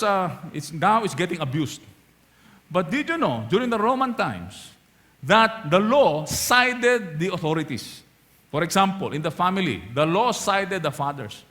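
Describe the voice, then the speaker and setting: A male pastor with a Filipino accent preaches a sermon, switching between English and Tagalog and often asking the congregation questions. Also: high voice. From Philippines. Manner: animated, asks the crowd questions.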